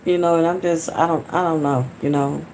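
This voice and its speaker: Low-voiced Atlanta woman chatting on a livestream. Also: steady tone, fairly quick, noisy background. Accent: Southern American (Atlanta). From Atlanta, Georgia, USA. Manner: rambling, chatty, talks straight to viewers. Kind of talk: casual live-stream chat. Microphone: phone.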